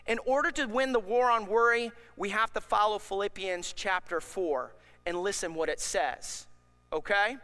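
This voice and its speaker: A man preaching a sermon as pastor, animated and acting out worried voices for the congregation. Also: high voice. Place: church sanctuary. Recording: long hall reverb.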